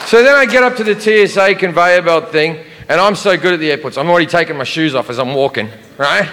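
A brash, profane Australian man tells a stand-up story in a bright, forceful voice. His voice carries a long hall reverb, with faint noise behind. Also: fairly high pitch, fast. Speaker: stand-up comedian. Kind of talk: stand-up comedy.

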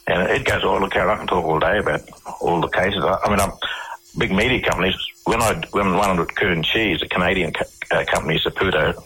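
Deep-voiced Australian man, husky. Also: a little fast, bright, forceful tone, low-quality recording. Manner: rambling, repeats and restarts words. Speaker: interview guest. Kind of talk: conversational storytelling.

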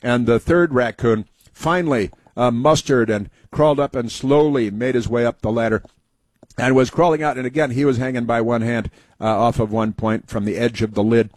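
A man's voice: medium pitch, fairly even intonation, normal speed, darkish tone, no echo. A man hosting a casual talk show, rambling through anecdotes and mocking political commentary. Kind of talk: casual talk radio monologue.

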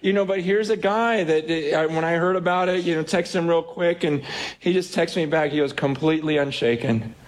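A man delivering a sermon as a pastor, his voice sitting a little on the high side. He talks like he's telling stories to friends, looping back and restarting phrases as he goes. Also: steady tone, normal speed. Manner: conversational storytelling with frequent restarts.

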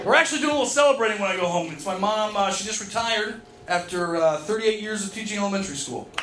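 A man in his thirties performing a stand-up comedy set, telling profane stories that break into shouted rants. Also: sits high, expressive, fast talker. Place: comedy club stage. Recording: live club recording with crowd noise. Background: audience laughter.

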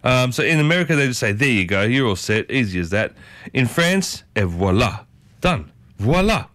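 Aussie radio host dude rambling on a morning show, bouncy pitch, dry studio mic sound. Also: male voice, a little fast, dry recording. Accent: Australian. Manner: animated and rambling, with big upward pitch jumps. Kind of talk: casual morning radio chat.

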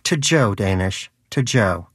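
A man's voice: lowish voice, lively intonation, slow pace, fairly bright tone, breathy edge, no room sound, clean studio sound, exaggerated voice. A man voicing a prim, pious male pet rodent in a cage, earnest, preachy and bitter.

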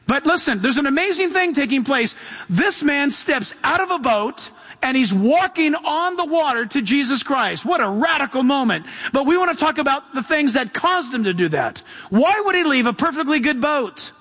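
Male preacher with a very high voice, emphatic sermon delivery and a long hall echo. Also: lively intonation, normal speed, bright, forceful tone. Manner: emphatic, with rhetorical questions and calls to the congregation.

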